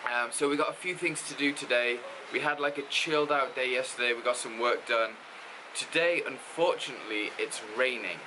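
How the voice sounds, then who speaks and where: Walking around a city outdoors, a man with a Geordie accent chats casually as a travel vlogger, his mid-range voice set against background noise. His narration is loose and rambling, full of fillers, and he says "like" a lot.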